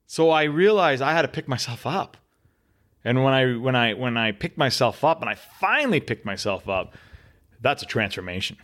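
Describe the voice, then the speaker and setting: A man in an interview, telling his story earnestly with dramatic pauses and repeated words. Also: medium pitch, big pitch swings, fairly bright tone. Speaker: podcast guest.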